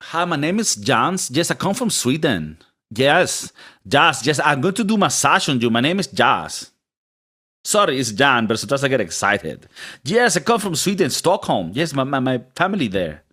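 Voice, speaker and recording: A man's voice: medium pitch, very animated, normal speed, bright, forceful tone, breathy edge, exaggerated voice. A man doing a comic impression of a flirty Swedish masseur, with a sing-song lilt. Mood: playful. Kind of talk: podcast impression.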